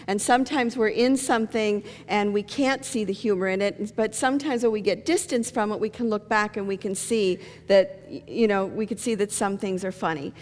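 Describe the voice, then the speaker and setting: A woman with a slightly high voice preaches a sermon, spinning funny stories and jokes in a lively storytelling way. Her voice carries with a long reverb through a church hall. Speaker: pastor. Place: church sanctuary.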